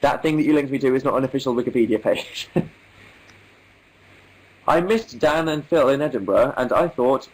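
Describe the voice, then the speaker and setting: A man's voice: mid-range voice, moderate pace, pauses often, darkish tone, low-quality recording. Young man, English accent, livestream host, wry, articulate, casual chat. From England. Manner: wry, articulate, reads chat aloud with amused asides.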